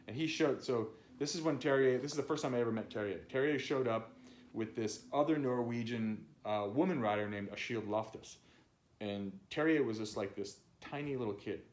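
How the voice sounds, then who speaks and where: A man's voice: mid-range voice, normal speed, reverberant, a little hiss or hum. Man reading his memoir casually. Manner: loose, conversational, swears and laughs.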